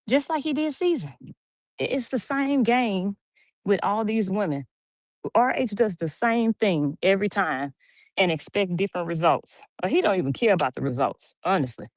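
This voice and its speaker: A middle-aged woman with a Louisiana twang chats through viewer comments on a home livestream. She talks in a gossipy, easygoing way and laughs often. Her voice sits at a middle pitch and sounds dry and close. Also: expressive, moderate pace, long pauses, no room sound. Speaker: livestream host. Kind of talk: casual live chat reading comments.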